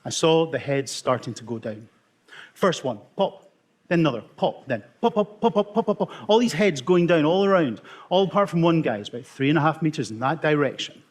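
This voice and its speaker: A man's voice: on the high side, animated. Wry Scottish man telling stories. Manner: wry, self-mocking storyteller with dramatic pauses. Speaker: emergency consultant giving a talk. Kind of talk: storytelling conference talk.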